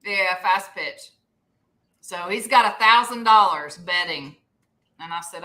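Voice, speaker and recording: Slow-drawling middle-aged woman. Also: mid-range voice, pushed and bright, rough recording. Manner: slow drawl, laughs often. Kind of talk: casual chat.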